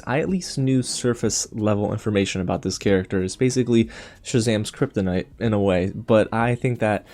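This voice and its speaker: A man's voice: fairly low pitch, a little mellow. A man hosting a movie review channel, talking through his thoughts in a chatty, upbeat, conversational way. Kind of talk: casual spoken film review.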